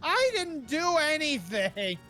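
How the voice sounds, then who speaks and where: A woman streaming a game, thinking out loud as she plays. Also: high-pitched, takes it slowly, soft background music. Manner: thinks aloud while playing, animated. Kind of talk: live game commentary.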